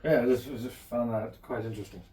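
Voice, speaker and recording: A man chatting casually off to the side of a crochet video, soft-spoken with dry jokes. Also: medium pitch, fast talker. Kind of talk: casual chat.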